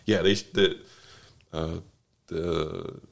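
A man's voice: low-pitched, fairly even intonation, very slow, gravelly. A man casually telling a rambling travel story, full of fillers, restarts and tag questions.

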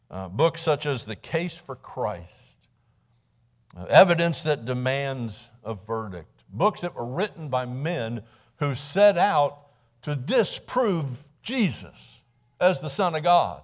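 Man preaching a conversational sermon. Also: medium pitch. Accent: Midwestern American. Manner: conversational storytelling, dramatic acted quotes; repeats words when restarting. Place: church sanctuary.

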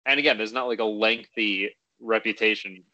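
A young man with a low, bright and forceful voice argues his case on a casual sports podcast, hedging and restarting often. The sound is dry and dull, with no room echo. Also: fairly even intonation, moderate pace. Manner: hesitant, lots of "like" and restarts while arguing. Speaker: podcast co-host.

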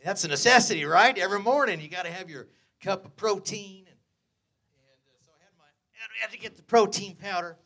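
Brief: middle-aged man, pastor, high-pitched, tells stories with constant chuckles and "amen"s, builds to fervent shouts. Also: brisk, vocal fry, long pauses. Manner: chuckles often between phrases, peppers speech with "uh" and "amen"; swings from low asides to loud, fervent preaching. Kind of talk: storytelling sermon.

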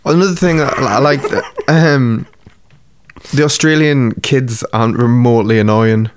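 A man's voice: mid-range voice, a little slow, a little hiss or hum. A man chatting casually in a podcast, musing aloud and asking questions. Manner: musing, giggly, asks many questions. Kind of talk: casual chat.

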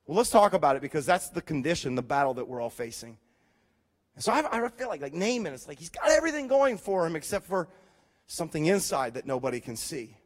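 A man preaching a sermon, retelling a scripture story in an animated way and briefly acting out the people in it. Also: on the high side, fast talker. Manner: animated storytelling, voicing characters, rising to loud emphasis. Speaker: pastor.

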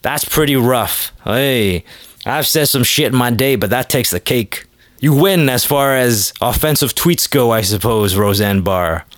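A man's voice: mid-range voice, animated, unhurried, dry recording. A man hosting his own podcast alone, rambling in a casual, self-deprecating way with plenty of swearing. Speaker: podcast host. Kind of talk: casual solo podcast monologue.

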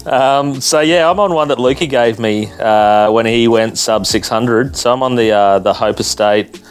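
A man's voice: medium pitch, normal speed, smooth, faint music behind. A man, a podcast co-host talking in an easygoing, self-mocking way in casual chat with his mates.

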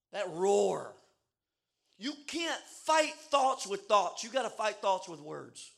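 A man preaching a sermon in a church service, shouting and building fervent repeated declarations, at times out of breath. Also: high voice, vocal fry. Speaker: pastor.

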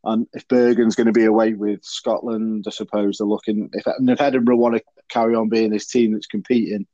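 A man's voice: lowish voice, level tone, fairly quick, dark tone, no echo. Guy rambling through casual rugby talk, lots of ums, dry dull lo-fi sound. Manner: chatty, rambling, full of fillers and restarts. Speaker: podcast host.

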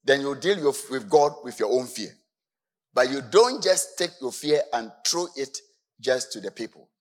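Animated male preacher. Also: medium pitch, normal speed. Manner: emphatic, swings between soft asides and shouted exclamations. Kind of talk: sermon.

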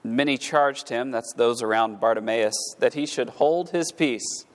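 A man's voice: mid-range voice, a little slow. A man preaching a sermon in a church, reading scripture in old-fashioned wording and then explaining it, often repeating words as his delivery builds. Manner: repeats words while rising to fervent emphasis. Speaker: pastor. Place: church sanctuary. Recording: echoey hall.

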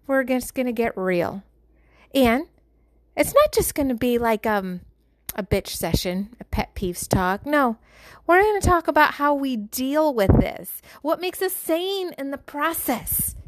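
A mother and wife hosting a show speaks bluntly to her listeners in a candid monologue, swearing freely, in a slightly high voice. The recording is dry and studio quality.

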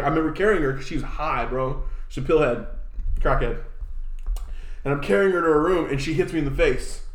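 Man telling rambling stories in a roomy echo. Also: a little high. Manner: rambling storyteller, laughs often. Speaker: podcast co-host. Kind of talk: casual chat.

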